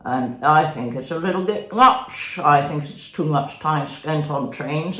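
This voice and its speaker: A woman hosting a comedy podcast, chatting with her puppet in a coaxing, gently teasing way. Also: low-pitched, measured pace, hardly any pauses. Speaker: ventriloquist podcast host. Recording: echoey room.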